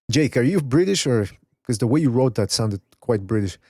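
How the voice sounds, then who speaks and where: A man's voice: medium pitch, animated, unhurried, dark tone, husky, dry recording, studio quality. A man hosting a casual boxing podcast, rambling, swearing and reading chat messages aloud. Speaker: podcast host. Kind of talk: casual live-stream chat.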